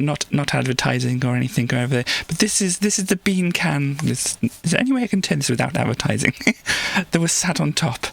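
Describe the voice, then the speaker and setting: A woman's voice: sits low, vocal fry. A woman streamer chatting casually on a live stream, rambling with frequent restarts and laughs, now and then slipping into playful put-on voices. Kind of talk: casual livestream chat.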